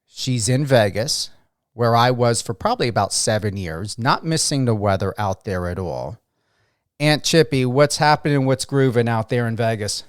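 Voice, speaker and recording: A man's voice: medium pitch, moderate pace, smooth, dry recording, clean studio sound. Chatty East Coast male host. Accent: East Coast American. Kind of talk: casual interview.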